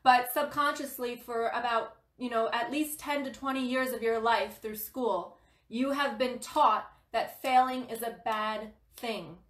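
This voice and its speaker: A woman's voice: on the high side, measured pace, reverberant. A woman hosting a spiritual guidance livestream, giving an emphatic motivational talk. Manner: passionate, emphatic, laughs often.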